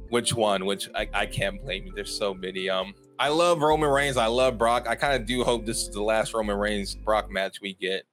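A man hosting a solo podcast in casual chat, rambling with lots of fillers and quick apologies. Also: lowish voice, fairly bright tone. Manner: rambling and self-interrupting, heavy on fillers and apologies. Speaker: podcast host.

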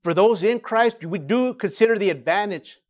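Man, high voice, preaching a sermon, emphatic then hushed. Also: normal speed. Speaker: pastor.

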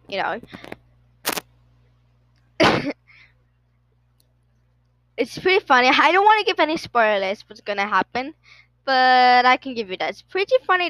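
A woman's voice: high-pitched, a bit bright, no room sound, low-quality recording. A young woman hosting a casual solo podcast, rambling with lots of fillers and giggles. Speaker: podcast host.

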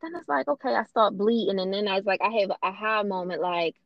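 A woman cohosting a podcast in casual chat, frank and animated, laughing often. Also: mid-range voice, fast, creaky, no echo, dull audio.

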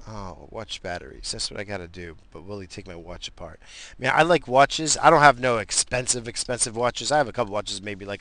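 A man's voice: low voice, pushed and bright. A man ranting in a casual, profane, rambling way, with lots of fillers, as if talking from his car.

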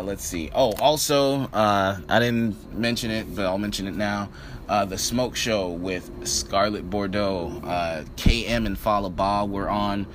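Deep-voiced man rambling through a wrestling recap. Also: slight background noise. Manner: relaxed, rambling, many ums and uhs, slangy. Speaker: wrestling show reviewer. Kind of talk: casual recap.

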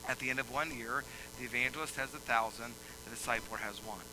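A male pastor preaching a sermon, moving from quiet explaining to loud, emphatic preaching. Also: mid-range voice, steady tone, fairly quick, noisy background.

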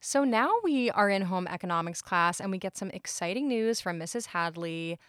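A woman's voice: lowish voice, normal speed, a bit bright. Chatty young woman recapping a movie. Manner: chatty, fillers of "like", acts out quotes. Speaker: podcast co-host. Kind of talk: casual movie recap chat.

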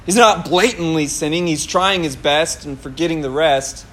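A man's voice: a little high, moderate pace. A male pastor preaching a sermon, telling a personal story with laughter and acted-out quotes. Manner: animated, laughing at himself, acts out his own past words.

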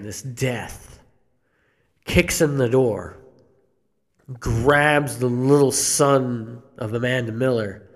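Man, mid-pitched, unhurried and halting; live horror storytelling to a theater crowd. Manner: slow, halting, with restarts and coughs. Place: theater stage before an audience.

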